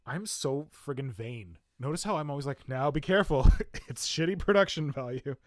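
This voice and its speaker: A man in his own easygoing voice hosts a casual podcast chat, rambling and poking fun at himself. His pitch sits in the middle, and the recording is dry and close, with no room sound. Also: animated, normal speed, dry recording. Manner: chatty, self-mocking storyteller. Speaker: podcast host.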